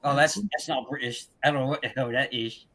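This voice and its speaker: A man's voice: mid-range voice, fairly quick, pushed and bright. A man co-hosting a casual trading livestream, explaining support levels and checking that listeners follow. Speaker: co-host explaining chart levels.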